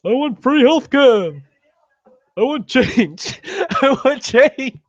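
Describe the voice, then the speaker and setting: A man doing a squeaky older politician. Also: lively intonation, slow, no room sound, lo-fi sound, heavily acted. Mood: mocking. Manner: squeaky, breathless, breaking into giggles. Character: excitable older male politician, impression.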